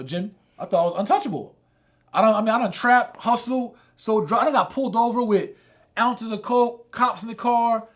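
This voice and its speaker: Turning a street-smart, foul-mouthed episode from his past into a sermon, a middle-aged man lets his voice sink low and soft before climbing back up loud and high.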